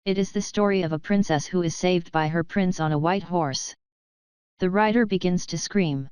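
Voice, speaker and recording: A woman narrating a fantasy audio novel in the first person, her inner thoughts often flustered and breathless. Her voice sits fairly low and sounds very smooth and clear. The recording is dry and close, with no room around it. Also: normal speed, darkish tone, no echo.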